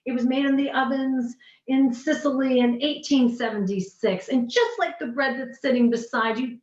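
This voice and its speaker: A woman coaching on pitching during a video call workshop, animated and gushing, often restarting her sentences. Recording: dull, roomy, distant video call audio.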